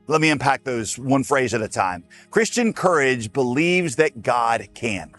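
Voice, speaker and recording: Man, pastor, sermon, animated pitch, folksy, emphatic, direct address. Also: unhurried, faint music behind.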